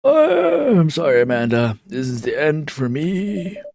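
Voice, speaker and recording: A man's voice: on the high side, sing-song, measured pace, gravelly, a little mellow, no echo, pitched above the performer's own voice, full character voice. A man hamming up a melodramatic dying dad. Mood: mock-tragic. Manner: theatrical, mock-tragic. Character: melodramatic single dad playing dead.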